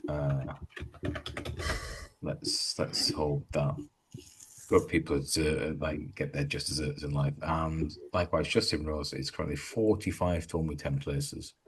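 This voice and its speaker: A man's voice: rumbling low, slight background noise. A man co-hosting a casual golf podcast, rambling and jokey as he talks through his betting tips. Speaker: podcast co-host.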